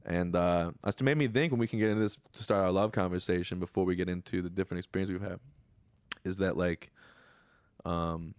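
A man's voice: low-pitched, fairly even intonation, a little fast, a little mellow, clean tone, dry recording. Profane, emotional man on a dry podcast mic. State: tearing up. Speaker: podcast co-host. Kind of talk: casual podcast banter.

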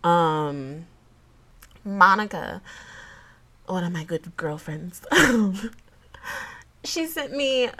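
A woman's voice: lowish voice, lively intonation, very slow, long pauses, a bit bright, a little hiss or hum. A woman hosting a casual solo podcast. She is chatty and openly emotional, fights back tears, laughs between thoughts, and talks to her listeners as "y'all". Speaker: podcast host.

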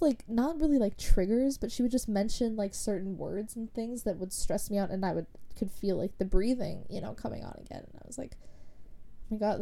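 Young woman with a mellow, gravelly voice. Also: medium pitch. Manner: rambling, frequent "like" fillers. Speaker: podcast host. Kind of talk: casual personal storytelling.

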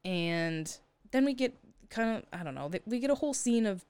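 This is a young woman in easy conversation, recapping a story with plenty of filler words and frequent laughter. Her voice is smooth and clear. The sound is dry and close, with no room around it. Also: medium pitch, animated, moderate pace, a little mellow, no echo. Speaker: podcast co-host. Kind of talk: casual chat.

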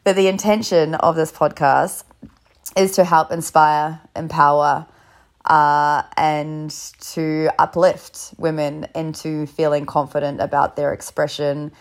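A woman's voice: sits low, little pitch movement, slow. A woman hosting her own podcast from bed while sick and close to losing her voice, upbeat and swearing freely in casual talk. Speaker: podcast host. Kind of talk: casual solo podcast intro. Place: in bed at home.

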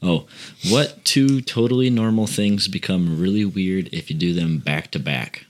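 A young man with a very low voice hosts a loose, casual chat. He rambles through his thoughts, full of fillers, and laughs often. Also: a little slow. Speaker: podcast host asking questions.

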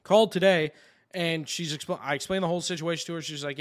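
A man's voice: fairly high pitch, fairly even intonation, fast. Profane, exasperated man ranting. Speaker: podcast co-host. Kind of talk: casual chat, storytelling.

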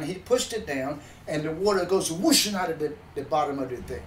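A man from the backwoods telling a folksy story in an animated, plainspoken way, often restarting mid-sentence. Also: fairly high pitch, a little fast, few pauses, roomy sound, recorded from a distance, a little hiss or hum, low-quality recording. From backwoods countryside.

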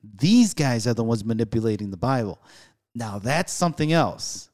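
A man in casual conversation, telling animated stories and repeating phrases as he talks. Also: medium pitch, moderate pace. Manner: animated storyteller, repeats himself.

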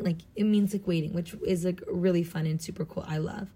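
Bubbly young American woman, mellow voice. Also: lowish voice, steady tone, fairly quick, few pauses, slightly rough. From Southern California. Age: young adult. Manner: bubbly and gushing, heavy use of "like". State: tired and jet-lagged. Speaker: student studying abroad. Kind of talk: casual vlog chat.

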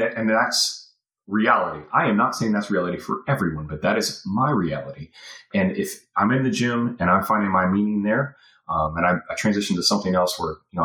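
A man's voice: low-pitched, a bit bright, reverberant, rough recording. A man talking as a podcast guest in casual conversation, candid and rambling, with self-deprecating asides.

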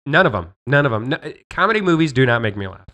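A man's voice: medium pitch, very animated, quick pace, bright, forceful tone. A man co-hosting a casual podcast chat, rambling and correcting himself as he jokes around. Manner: rambling, self-correcting, jokey. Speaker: podcast co-host.

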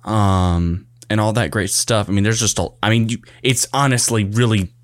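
A man's voice: fairly low pitch, fairly even intonation, moderate pace, dry recording, clean studio sound. A man co-hosting a casual tech podcast, easygoing and rambling as he talks about gadgets and deals. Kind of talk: casual tech news chat.

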